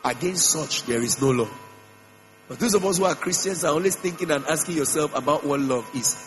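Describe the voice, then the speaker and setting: A man's voice: fairly quick, poor audio. Emphatic preaching man, humming church mic. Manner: emphatic preaching with repeated phrases and sudden pitch swings. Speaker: pastor. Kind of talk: sermon. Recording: mains hum with faint music behind.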